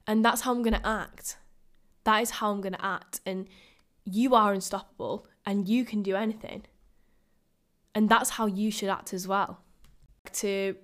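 A woman, hosting a casual solo podcast in a chatty, upbeat, motivational way. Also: medium pitch. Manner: upbeat, chatty, motivational, quick bursts of excitement. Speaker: podcast host.

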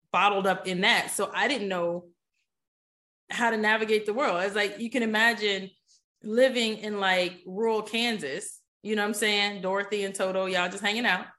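A woman guest on a podcast, telling a story in a casual, animated way and often checking in with "you know what I'm saying?". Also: medium pitch. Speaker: podcast guest, poker player.

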